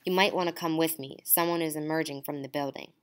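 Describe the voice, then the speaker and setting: A woman reading the part of a female police officer who speaks in a brisk, businesslike way. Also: low voice, fairly even intonation, close to an everyday voice. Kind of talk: audiobook dialogue.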